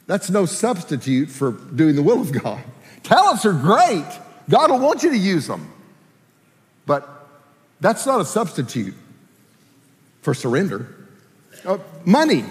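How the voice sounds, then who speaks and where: Male pastor, high and lively voice, preaching in a hall with long reverb. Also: unhurried, pauses often. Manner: animated, acts out prayers in playful voices. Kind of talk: sermon.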